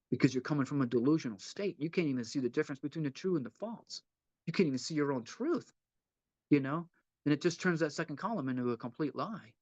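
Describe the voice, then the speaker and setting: A man's voice: fairly high pitch, dry recording. Earnest man teaching recovery, dull lo-fi sound. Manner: earnest, repeats points, asks rhetorical "right?". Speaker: twelve-step study leader.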